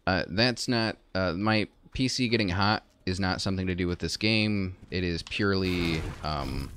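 A man's voice: sits low, normal speed, fairly bright tone, slight background noise. A man streaming a game and chatting casually at his PC, rambling and correcting himself as he plays. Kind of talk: casual gameplay commentary.

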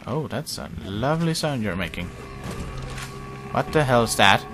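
A man's voice: mid-range voice, expressive, normal speed, music in the background. A man giving casual let's-play commentary, jumpy and self-mocking, pleading with and talking to the game's characters. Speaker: gameplay commentator.

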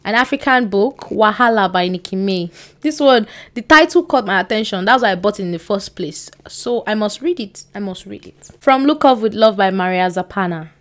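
A young woman, chatting casually to camera at home, rambling with excited bursts and quiet trailing asides. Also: medium pitch, normal speed, hardly any pauses. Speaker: book vlogger. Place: indoors at home by a bookshelf. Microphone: on-camera mic.

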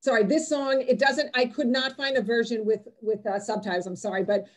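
A woman with a fairly high voice gives an informal online talk. She rambles in a friendly way, with lots of "like" and false starts. Her voice comes through a video-call mic. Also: steady tone, a little fast, a little mellow, faint music behind. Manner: chatty, many fillers and restarts. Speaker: presenter on Israeli music.

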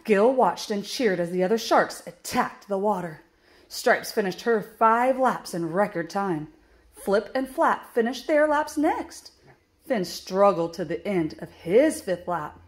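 Slow, clear woman reading to children. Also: mid-range voice, expressive. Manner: slow, clear, explaining steps. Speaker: teacher reading aloud. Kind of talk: children's book read-aloud with math lesson.

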